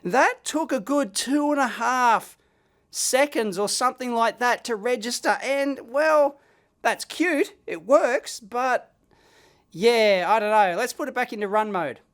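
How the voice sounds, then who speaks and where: Excitable Australian man at a workbench. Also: extremely high pitch, a little slow. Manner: excitable, chatty, blokey slang. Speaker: electronics video host. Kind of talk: casual bench demo.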